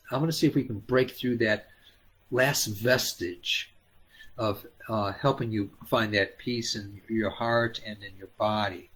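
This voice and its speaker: A man hosting a live healing stream, talking gently and haltingly with many fillers, coaxing viewers by name. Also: lowish voice. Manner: coaxing, addresses viewers by name and calls them hon. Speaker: spiritual healer hosting a live Q&A.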